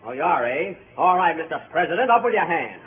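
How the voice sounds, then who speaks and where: A man's voice: on the high side, big pitch swings, fast talker, phone-quality sound. A man playing a vain, blustering outlaw leader in a 1930s radio comedy. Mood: bossy. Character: Jesse James, a vain, bumbling male outlaw leader. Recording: scratchy noisy 1930s radio broadcast.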